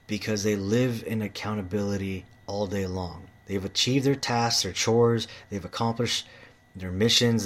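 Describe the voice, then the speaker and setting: Heated, profane man with a low voice. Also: fairly bright tone. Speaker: manual tradesman. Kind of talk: ranting monologue.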